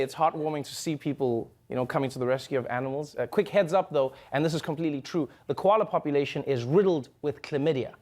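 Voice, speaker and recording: A man hosting a comedy news segment, joking animatedly in a studio with a laughing audience. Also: fairly high pitch. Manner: jokey, animated, slips into comic impressions. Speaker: late-night comedy host. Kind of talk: scripted comedic commentary.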